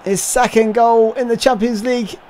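A man commentating on his own football video game match, switching between hushed despair and shouted celebration. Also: extremely high pitch, steady tone, moderate pace, a little hiss or hum. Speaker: gaming commentator. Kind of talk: excited gameplay commentary.

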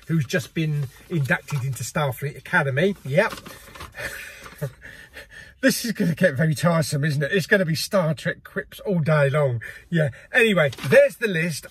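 Brief: middle-aged host, husky and slightly high-pitched, casual and jokey. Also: male voice, a bit bright, no room sound. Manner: chatty and jokey, laughs often. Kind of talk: casual chat.

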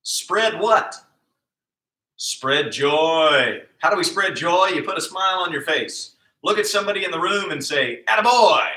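Upbeat pe coach guy calling out exercises nonstop, bright tense voice, kinda roomy echo. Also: on the high side, expressive, a little slow. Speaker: kids' PE coach. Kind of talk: live-streamed exercise class. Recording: echoey room sound.

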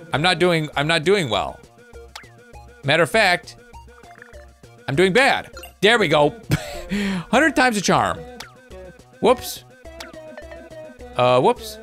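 A young man commentating his own gameplay, excitable and chatty with his viewers. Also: fairly high pitch. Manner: excitable, talks to viewers while playing. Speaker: gaming YouTuber. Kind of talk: let's play commentary.

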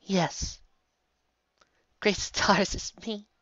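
A woman voicing a gentle, caring elder princess pony mare in a soft, soothing voice, recorded dull and lo-fi. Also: mid-range voice, fairly even intonation, extremely slow, no room sound, pitched above the performer's own voice. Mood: tearful.

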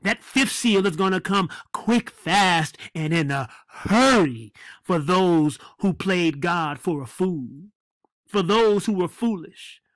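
A man preaching a fiery sermon, emphatic and repeating phrases for effect, with drawn-out dramatic stresses. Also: high-pitched, a bit bright, no room sound.

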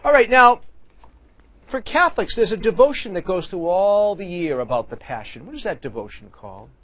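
A man, a priest, hosting a children's quiz show in a TV studio, jokey and animated, sometimes shouting with excitement. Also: high-pitched, moderate pace, a little hiss or hum. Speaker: priest and game show host. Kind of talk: lively game show hosting. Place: TV studio with audience. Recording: dull lo-fi studio sound.

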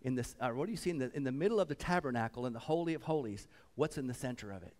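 A man preaching a sermon as pastor, swinging between loud fervent passages and hushed reverent ones, repeating phrases and calling out "come on.". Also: medium pitch, lively intonation, racing.

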